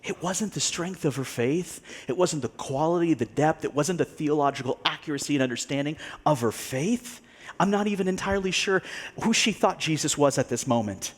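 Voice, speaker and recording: A male pastor tells a story during a sermon, delivering it with animation, acting out the people he quotes and laughing now and then. His voice is on the high side and husky, at a normal speed.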